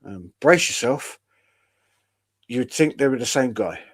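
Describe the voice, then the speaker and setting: A man's voice: mid-range voice, lively intonation, measured pace, husky. Man, online show host, rambling and wry, swears freely. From United Kingdom. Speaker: podcast host. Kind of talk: casual chat.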